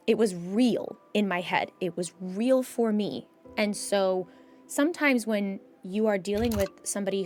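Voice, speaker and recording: A woman in casual chat about mental health, answering chat questions emphatically and acting out her own inner thoughts. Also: medium pitch.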